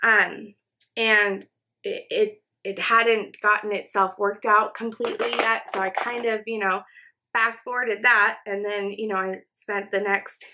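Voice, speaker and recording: A young woman talks through her makeup routine in a loose, rambling get-ready chat at home. She fills her sentences with "um" and "you know." Her voice is bright, at an ordinary pitch. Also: fairly even intonation, a little slow. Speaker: beauty vlogger. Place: home, indoors.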